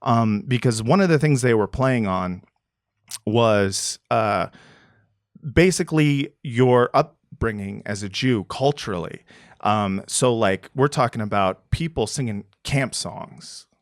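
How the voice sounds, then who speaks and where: Halting podcast host man, dry sound. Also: mid-range voice, expressive, no echo. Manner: halting, filler-heavy musing. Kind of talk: casual reflective podcast talk.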